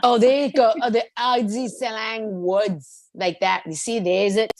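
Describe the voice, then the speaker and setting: A middle-aged woman chatting casually in a group, animated and laughing, with many restarts. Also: a little high, measured pace, no echo. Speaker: group participant. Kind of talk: casual chat.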